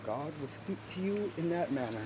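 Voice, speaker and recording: A man talking about his beliefs in a casual, earnest monologue that turns suddenly loud and high at times. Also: animated, normal speed, noisy background. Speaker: parent sharing personal beliefs.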